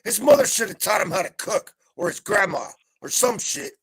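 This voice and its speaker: Middle-aged man, raspy and high-pitched, swinging wildly in pitch, profane live-call ranter. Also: moderate pace, no room sound. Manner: heavy cursing, swings between calm and yelling. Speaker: panel guest. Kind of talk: profane venting rant. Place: home, live video call. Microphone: video call mic.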